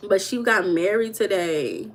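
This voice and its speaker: A woman's voice: mid-range voice, animated, measured pace. A woman hosting a live stream, chatting casually with her viewers and laughing often. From United States. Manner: chatty, talks to chat viewers, calls them baby and girl; laughs often while talking.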